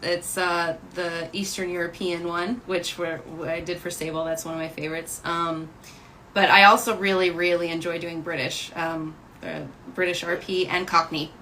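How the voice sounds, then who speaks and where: A woman's voice: lowish voice, level tone, normal speed, bright, forceful tone, slight background noise, poor audio. Easygoing woman on a video panel. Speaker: voice actor guest. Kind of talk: casual panel chat.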